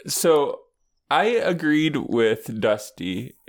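A man's voice: medium pitch, very animated, very slow, creaky. A man co-hosting a podcast, chatting casually and laughing as he spins a made-up story. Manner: playful, laughs while telling a made-up story. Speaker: podcast co-host. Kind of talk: casual chat.

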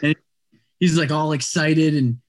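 A man telling a story in casual conversation, animated and rambling, with a lot of "like" fillers. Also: fairly high pitch, unhurried. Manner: animated, rambling, heavy use of "like".

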